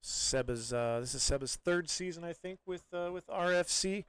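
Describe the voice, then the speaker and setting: A man doing live play-by-play soccer commentary in a relaxed, chatty way, with many fillers and restarts. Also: on the high side, moderate pace, smooth, dry recording.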